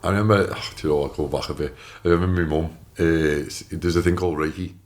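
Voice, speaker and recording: A man's voice: deep voice, fast talker. A man, an ex-soldier guest telling a blunt, sweary story in casual chat.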